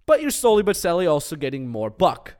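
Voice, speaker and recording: Animated storytelling podcast host man. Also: fairly high pitch, fast. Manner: animated storytelling with acted quotes. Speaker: podcast host and business coach. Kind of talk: casual podcast chat.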